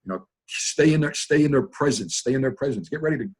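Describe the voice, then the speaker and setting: An older man telling rambling stories in a casual, animated way over a video call. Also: medium pitch, quick pace, breathy edge. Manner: animated, rambling, repeats himself. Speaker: guest trainer. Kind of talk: casual storytelling.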